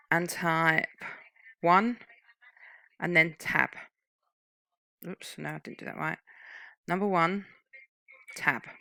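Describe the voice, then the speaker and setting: A woman's voice: low voice, pushed and bright, dry recording, rough recording. Patient woman teaching typing. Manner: patient, explains legal terms step by step. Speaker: typing tutor. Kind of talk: screen-recorded typing lesson.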